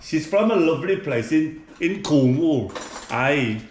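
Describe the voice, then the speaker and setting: There's a darkish tone to this middle-aged English cooking vlogger's voice, which sits on the high side and sounds animated at a moderate pace. Chatting casually in his kitchen with an English accent, he fills and restarts often, against reverberation and a little hiss or hum.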